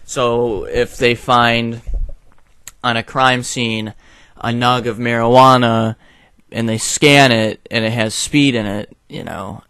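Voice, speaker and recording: A man's voice: medium pitch, steady tone, slow, sharp tone, clear, resonant tone, dry recording. A young man who rants his opinions to his viewers in a blunt, profane way, with a lot of fillers. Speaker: video commentator. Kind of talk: opinion rant to camera.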